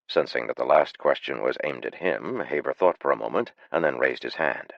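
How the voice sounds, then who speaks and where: A man narrating an audiobook in a measured, even storytelling manner. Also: rumbling low, creaky, no room sound, lo-fi sound.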